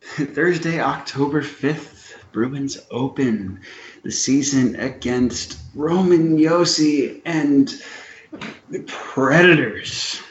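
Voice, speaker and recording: A man co-hosting a relaxed chat, reading through a game schedule at an unhurried pace and slipping in dry jokes. His voice is slightly dull and sits in a roomy, echoing space. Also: medium pitch, a little hiss or hum. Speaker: podcast co-host. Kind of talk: casual chat.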